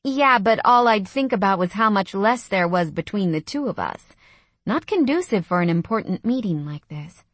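A woman narrating a romance novel in the first person, intimate and steady. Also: medium pitch, moderate pace, dry recording. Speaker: audiobook narrator.

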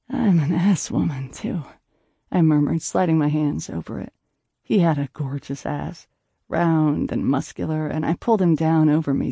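A man reading a first-person audiobook in a soft, intimate way, at times dropping to a breathy hush. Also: a little high, no echo, studio quality. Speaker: audiobook narrator.

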